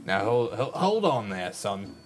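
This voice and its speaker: A man's voice: on the low side, very animated, measured pace. A man voicing a pushy, drunk Cockney man with a tankard, swaggering and leering, over background music.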